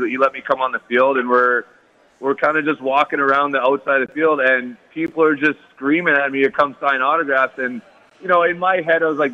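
A man's voice: medium pitch, highs cut off. A man in his thirties from Canada, a guest athlete chatting casually in an interview, easygoing and rambling with lots of fillers.

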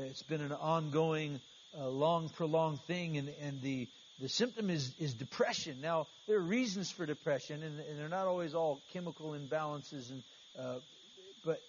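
A man preaching an earnest, conversational sermon as pastor, often restarting his phrases. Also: on the high side. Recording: slightly dull, faint hiss.

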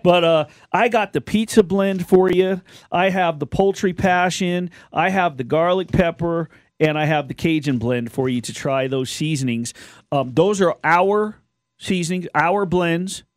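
A man in a radio studio chats with eager energy, circling back over his words as he talks. His voice sits a touch high for a man and comes across dry and close, with no room sound. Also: unhurried, no room sound. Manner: enthusiastic, rambling with restarts. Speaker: guest filling in. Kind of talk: casual radio chat.

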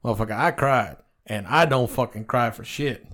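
A man's voice: mid-range voice, moderate pace, fairly bright tone. Profane storytelling man, casual podcast. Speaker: podcast co-host. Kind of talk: casual chat.

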